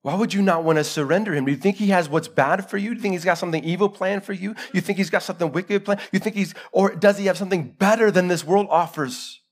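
A man preaching a live sermon in a church, swinging between loud urgency and hushed gravity. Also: high-pitched, fast talker, few pauses. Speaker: pastor.

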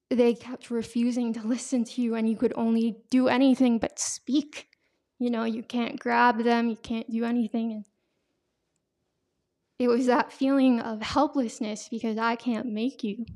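Slow, halting young woman telling her testimony. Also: a little high, darkish tone. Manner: emotional, halting, many fillers. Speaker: podcast host. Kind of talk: personal testimony.

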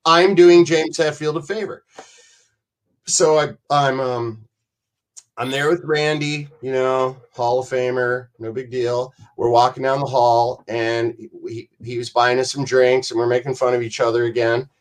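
A man's voice: mid-range voice, little pitch movement, a little slow. A man telling rambling, profane stories as a podcast guest, acting out other people's voices as he goes. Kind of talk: casual storytelling on a podcast.

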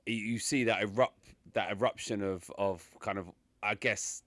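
A man's voice: on the low side, moderate pace, fairly bright tone, no room sound. A man co-hosting a casual film review chat, emphatic and repeating phrases for stress. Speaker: podcast co-host.

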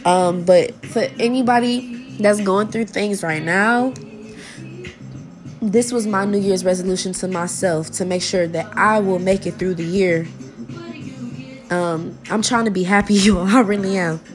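A woman's voice: mid-range voice, steady tone, measured pace, faint music behind. A young woman, talking to her viewers in a personal vlog, heartfelt and informal, often repeating herself as she searches for words, close to tears at times.

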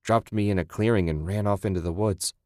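A battered young man on the edge of breaking, as a male storyteller plays him. He pants and sobs through a deep, low voice. The sound is dry and close. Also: steady tone, fairly quick, a little mellow, dry recording, lightly acted. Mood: shaken. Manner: panting, shaky and sobbing.

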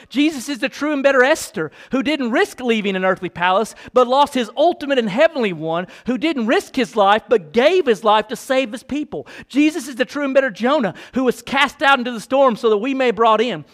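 A man with a high-pitched voice preaches to his church. He reads long passages aloud in a lower, steadier tone, then climbs into loud, emphatic preaching that repeats its key lines. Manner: swings from low reading voice to high emphatic preaching. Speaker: pastor. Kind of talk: sermon.

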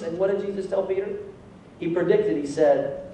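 A male pastor preaching a sermon in a church, animated, calling out to the congregation for responses. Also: high-pitched, moderate pace, slight background noise. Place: church sanctuary. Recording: echoey hall from far off.

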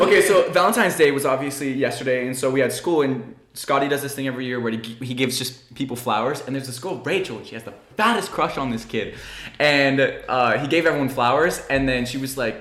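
A man co-hosting a casual podcast, telling stories quickly and with laughter, acting out the quotes. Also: medium pitch, a bit bright. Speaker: podcast co-host. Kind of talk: casual chat among friends. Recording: echoey room.

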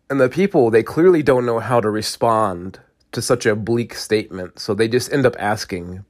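A man's voice: mid-range voice, expressive, measured pace. A man preaching a humorous sermon, teasing and laughing often as he talks.

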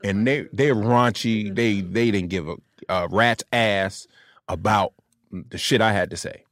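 A man, a comedian, telling stories in a casual chat, animated and often laughing. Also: lowish voice, unhurried, no room sound, studio quality. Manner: animated storyteller, acts out quotes, laughs often. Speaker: comedian guest.

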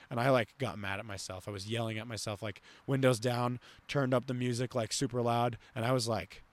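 A man's voice: mid-range voice, fairly even intonation, brisk, hardly any pauses. A young man hosting a podcast, talking casually and rambling with lots of fillers and restarts. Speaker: podcast host. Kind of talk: casual conversation.

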